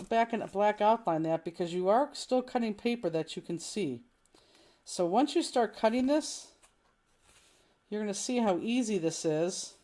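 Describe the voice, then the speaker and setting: A woman's voice: mid-range voice, mellow. A middle-aged woman teaching a live online crafting class, chatty and explaining each step as she works. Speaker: crafting instructor.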